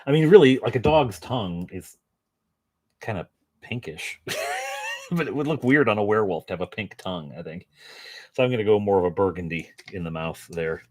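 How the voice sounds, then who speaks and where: With a fairly low, slightly mellow voice, a man talks a little fast but pauses often as he paints miniatures at home for his channel. The casual chat meanders, with self-mocking humor and joking asides.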